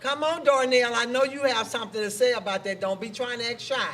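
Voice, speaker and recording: A woman's voice: on the high side, steady tone, a little fast, fairly bright tone, slight background noise. Chatty woman hosting a live talk show. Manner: chatty, laughs often, reads viewer comments aloud. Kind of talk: casual live chat.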